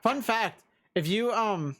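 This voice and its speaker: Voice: mid-range voice, lively intonation, slow pace, a bit bright, slight background noise. A young adult streamer giving casual let's-play commentary, rambling and full of filler words. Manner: rambling, laughing, heavy use of filler words.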